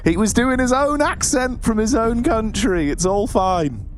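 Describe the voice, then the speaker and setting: A man casting an esports match, teasing his co-caster in quick, chatty banter. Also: high voice, faint music behind. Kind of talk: casual live commentary banter.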